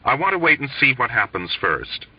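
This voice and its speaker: A man's voice: mid-range voice, big pitch swings, moderate pace, husky, no room sound, distant mic, voice pushed up. A man reading a wry, exasperated young airman. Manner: hissing, tense, dry sarcasm. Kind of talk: audiobook reading. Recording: dull lo-fi recording.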